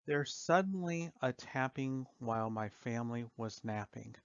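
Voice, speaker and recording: A man reading dark poetry aloud for an audiobook, in a slow, somber and measured way, trailing off softly at the ends of lines. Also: medium pitch, animated, smooth, dry recording. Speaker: audiobook narrator. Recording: dull, dry lo-fi recording.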